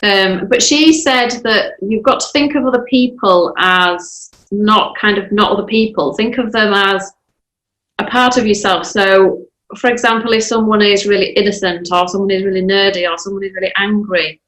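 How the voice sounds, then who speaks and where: An English woman speaking as a guest on a casual call, eager and chatty as she relays a conversation. Her voice sits at an ordinary pitch and rings with a roomy echo from the space she is in. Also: steady tone, normal speed, fairly bright tone. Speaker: self-love coach, guest.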